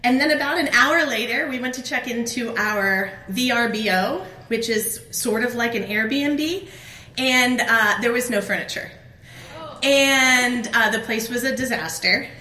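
A middle-aged woman telling a personal story as a conference speaker at a faith event, animated and acting out her own outbursts. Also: on the high side, unhurried. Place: conference hall. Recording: echoey room with faint ambience.

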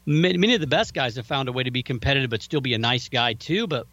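A man co-hosting a podcast, telling stories in an animated way and acting out what other people said. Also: mid-range voice, fast talker, no room sound, muffled recording. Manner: animated storyteller who acts out other people's lines. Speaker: podcast co-host. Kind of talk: casual podcast chat.

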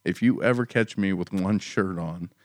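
A man's voice: deep voice, moderate pace, a little mellow, dry recording, studio quality. A man in casual chat who often breaks into laughter while talking. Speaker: podcast co-host.

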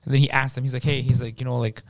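Fast-talking man telling a story. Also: medium pitch, flat delivery, dry recording, clean studio sound. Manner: rapid storytelling, acting out quoted people, frequent swearing. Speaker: podcast co-host. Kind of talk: casual podcast chat.

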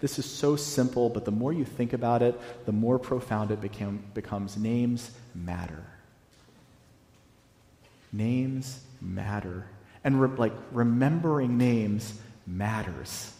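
A pastor in his thirties preaches in a relaxed, conversational way, slowing down to repeat his key lines. His voice rings through a large, echoey hall with a long reverb tail. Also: mid-range voice. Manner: conversational, repeats key phrases slowly for emphasis. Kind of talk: sermon.

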